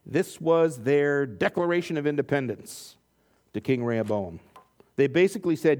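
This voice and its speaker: A man's voice: a little high, lively intonation, normal speed, a little mellow. A man preaching a sermon, reading scripture and acting out the quotes with joking asides. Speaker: pastor.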